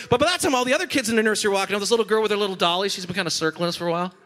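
Bright, high-voiced pastor preaching. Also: male voice, racing. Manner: animated storytelling, playful. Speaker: senior pastor. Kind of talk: sermon. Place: church.

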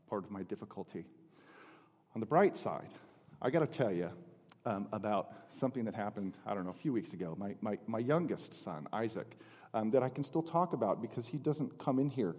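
A middle-aged man preaching and telling a family story, with many restarts and lively swings in pitch. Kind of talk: sermon. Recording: long hall reverb.

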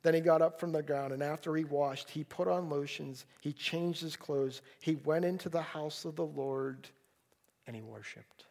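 Male pastor, earnest pleading sermon delivery, slightly high, gravelly voice. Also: steady tone, moderate pace, few pauses, a little mellow. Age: adult, a parent. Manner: earnest, pleading, with repeated words and restarts. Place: church service.

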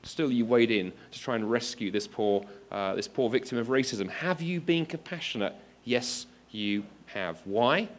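A man's voice: fairly low pitch, a little slow, few pauses, a little hiss or hum. A man giving an earnest apologetics talk to an audience, addressing listeners directly with examples and rising to emphatic exclamations. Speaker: preacher. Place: speaking to an audience of students.

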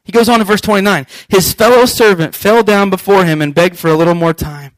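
A man preaching a sermon as pastor, animated and acting out scripture scenes. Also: high-pitched, a little fast, dry recording, rough recording.

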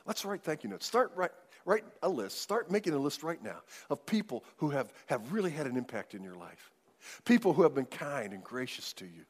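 A man preaching a sermon as pastor, emphatic, swinging widely in loudness and pace. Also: a little high, big pitch swings, fairly quick. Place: church sanctuary. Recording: long hall reverb.

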